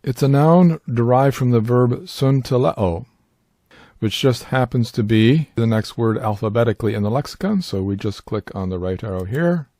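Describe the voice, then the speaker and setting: A man giving a scripted Bible word study, speaking in a measured, deliberate way and pronouncing Greek terms with care. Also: mid-range voice, dark tone, no echo, clean studio sound. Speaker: Bible teacher.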